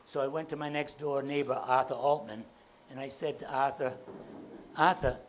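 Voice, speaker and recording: An entrepreneur gives a talk, telling a personal story with animation, acting out the dialogue and often restarting sentences with repeated words. His mid-range voice moves a little fast, and the poor-quality audio carries a little hiss or hum.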